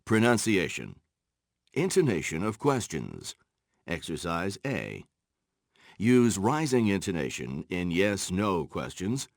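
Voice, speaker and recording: Male textbook narrator, lowish gravelly voice, slow and measured, very lively intonation, dry studio sound. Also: no echo. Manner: measured, announcing page and exercise numbers. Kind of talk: scripted instructional narration.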